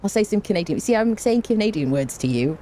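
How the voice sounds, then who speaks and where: A woman's voice: mid-range voice, lively intonation, fast talker, warm tone, slight background noise. A woman streamer greeting her chat in a rambling, playful way, with fun made-up words, from a home room with an open window. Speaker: game streamer. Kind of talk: casual livestream chat. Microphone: desk microphone. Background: fan blowing.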